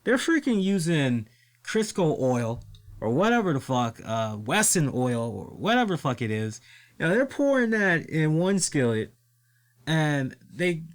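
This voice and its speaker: A man hosting a casual wrestling podcast who swears freely, laughs often and tells stories with lots of energy. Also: fairly high pitch. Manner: animated, profane, laughs often. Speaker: podcast host.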